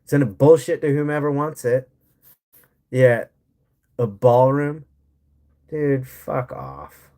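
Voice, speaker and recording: A man's voice: medium pitch, lively intonation, slow, long pauses, dark tone. Blunt, profane man ranting on a livestream. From United States. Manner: reads and answers chat. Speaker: livestream host. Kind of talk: casual livestream rant.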